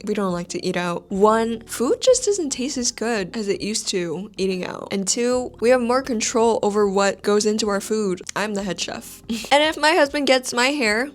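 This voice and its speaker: Animated woman reading posts aloud. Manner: animated, laughs often, squeals in high bursts when excited; swears freely, sarcastic asides. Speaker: host reading and reacting to online posts. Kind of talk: casual reaction chat, reading posts aloud.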